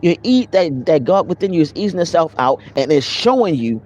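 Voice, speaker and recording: A man's voice: a little high, fairly quick, dull audio, slight background noise. A man giving a casual motivational spiritual talk to his viewers, greeting them by name as he goes. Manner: animated, conversational, addresses live viewers by name. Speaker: spiritual vlogger.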